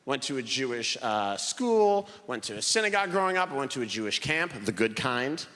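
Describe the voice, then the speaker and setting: A young man doing a stand-up comedy set before a live audience, telling stories in an animated way and acting out characters in bursts. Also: mid-range voice, brisk, slight background noise. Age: young adult. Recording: live venue with long hall reverb and faint ambience.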